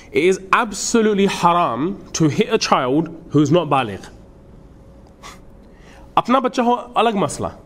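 A man giving an earnest, emphatic sermon-style lecture as a madrasa teacher, mixing in Urdu and Arabic phrases. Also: sits high. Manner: earnest, emphatic, switches between English and Urdu with Arabic quotations.

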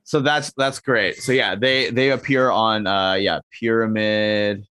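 Low-voiced man spitballing silly ideas. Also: fairly even intonation, a little slow, pushed and bright, smooth, dry recording. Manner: rambling, many fillers, acts out quoted lines in a raised voice. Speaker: podcast co-host. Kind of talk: casual comedic chat.

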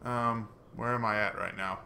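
A man giving casual, chatty commentary while playing a video game, mocking himself and breaking into excited swearing. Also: fairly low pitch, normal speed, vocal fry, a little hiss or hum. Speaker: gaming let's player.

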